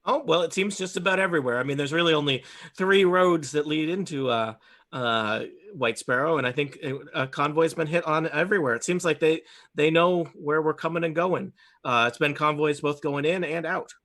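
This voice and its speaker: A man's voice: a little high, moderate pace, fairly bright tone, natural voice. A man voicing a chatty, fretful male gnome gem merchant who talks in eager, hesitant bursts. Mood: worried.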